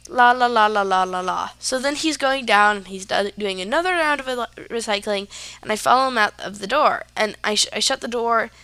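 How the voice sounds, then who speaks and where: A woman's voice: fairly high pitch, fairly quick, sharp tone, clear, resonant tone, no room sound. Chatty teen girl telling a story. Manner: chatty, lots of fillers like "like" and "yeah". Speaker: podcast host. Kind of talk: casual storytelling.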